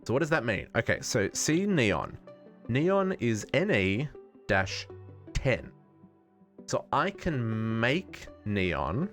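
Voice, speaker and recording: A man's voice: mid-range voice, big pitch swings, takes it slowly, a bit bright, faint music behind. A man with an Australian accent streaming a modded game, thinking aloud and correcting himself as he chats with viewers. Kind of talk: casual live-stream gaming chat.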